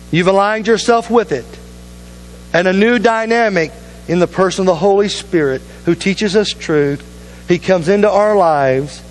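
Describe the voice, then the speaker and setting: A man's voice: a little high, slight background noise, rough recording. A man pastor preaching a sermon in a church, earnest and urging, with repeated appeals to the congregation. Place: church sanctuary.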